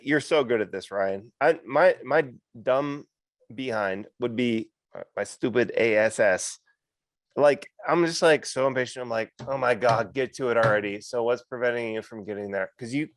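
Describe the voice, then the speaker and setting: A man's voice: medium pitch, no room sound. A man chiming in at a sales workshop, joking about himself in a loose, slangy way. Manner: animated, jokey, self-mocking, slangy. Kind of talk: animated workshop chat.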